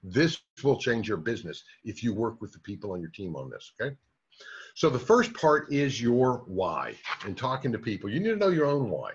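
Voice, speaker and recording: Husky-voiced man giving a coaching talk. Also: mid-range voice, big pitch swings, moderate pace. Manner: direct, coaching, tag questions to the listener. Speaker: business trainer. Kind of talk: motivational training talk. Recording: dull lo-fi recording.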